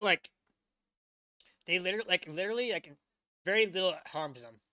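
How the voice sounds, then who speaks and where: A man casually reacting to a video, rambling and excitable as he talks. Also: sits high, normal speed, no echo. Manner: rambling, excitable, many restarts. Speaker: reaction channel host.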